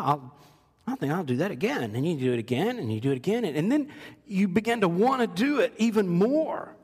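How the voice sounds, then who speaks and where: A man's voice: high-pitched, breathy edge. A middle-aged man giving a sermon as pastor, conversational and joking, acting out quoted voices. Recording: long reverb of a large hall.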